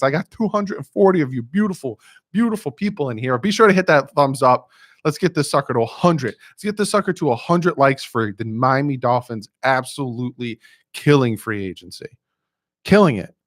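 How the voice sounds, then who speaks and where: Excitable man hosting a fan live stream. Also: medium pitch, no echo, clean studio sound. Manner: excitable, fast-talking, repeats himself, reads chat aloud.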